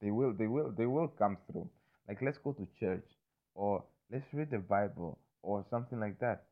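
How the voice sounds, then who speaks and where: A man with a lowish voice talks in a loose, rambling way, swearing often and circling back with "you understand me?" The sound is thin and narrow, like it came over a phone line. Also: lively intonation, normal speed. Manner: loose, repetitive, swears freely, keeps asking "you understand me?". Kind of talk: casual rambling monologue.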